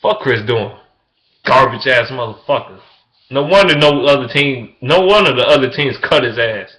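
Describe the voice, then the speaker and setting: A young man in a casual sports rant, profane and emphatic, repeating himself, jumping from loud excitement to low mutters. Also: normal speed. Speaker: vlogger. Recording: echoey room.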